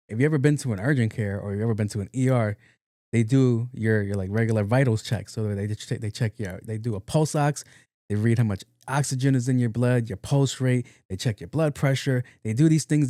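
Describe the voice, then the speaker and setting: A man from New York hosting a podcast, telling a story casually and animatedly. He acts out each person he quotes and laughs along the way. His voice sits at a middle pitch and is recorded dry and close. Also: darkish tone, no room sound. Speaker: podcast host.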